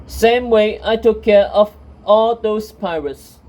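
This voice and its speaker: A woman reading the lines of a gruff, battered male sheriff who talks bluntly and urgently. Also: medium pitch, takes it slowly, dark tone, natural voice. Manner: urgent, blunt, rough-spoken.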